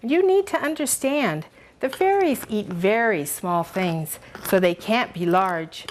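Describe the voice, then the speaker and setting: A woman's voice: medium pitch, lively intonation, a little slow, a little hiss or hum. An older woman hosting a children's show, telling a fairy story and showing a cooking demo in a doting, sing-song way for small children.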